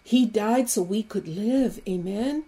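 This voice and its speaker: A woman preaching an Easter sermon with fervent, emphatic repetition that builds to loud exclamations. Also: mid-range voice, slow.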